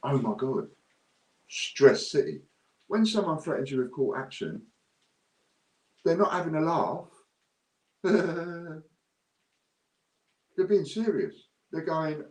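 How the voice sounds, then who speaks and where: A man's voice: on the high side, lively intonation, moderate pace, pauses often, darkish tone, echoey room, poor audio. Blunt, indignant man. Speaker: business owner vlogger. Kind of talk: ranting to camera.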